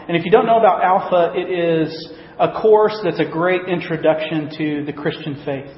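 A man preaches a casual sermon to his church, relaxed and joking, leaning on frequent ums and you-knows. His voice sits a little high. The sound is slightly dull and carries the long echo of a large room, with faint ambience behind. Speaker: pastor. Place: church worship gathering hall. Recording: dull, roomy hall recording.

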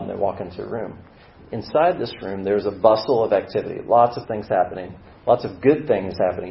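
Guy preaching a story sermon, acts out a believer's doubts in a murmur, roomy echo, kinda dull sound. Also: lowish voice. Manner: acts out the inner voice of a struggling believer, drops to a murmur for quoted doubts.

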